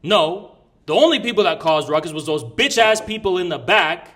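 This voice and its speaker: Brash, profane man with a bright voice. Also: high-pitched, animated, moderate pace. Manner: rambling with restarts. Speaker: podcast guest recounting an event. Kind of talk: casual storytelling chat.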